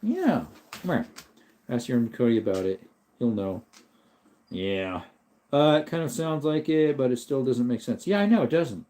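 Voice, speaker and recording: Guy rambling on his livestream, chatting w/ viewers and his dog, middle pitch. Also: sing-song, normal speed, pauses often, mellow. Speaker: livestream host. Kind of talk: casual livestream chat with viewers.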